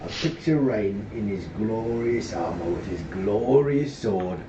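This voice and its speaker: Slow, lively man playing at the table. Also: lowish voice. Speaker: player. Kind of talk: casual tabletop play. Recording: distant, roomy, dull lo-fi mic with noise.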